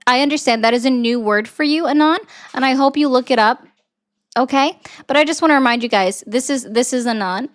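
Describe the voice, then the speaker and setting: A woman's voice: high voice, fairly quick. A woman hosting a political livestream, sarcastically answering viewer comments in a casual chatty way.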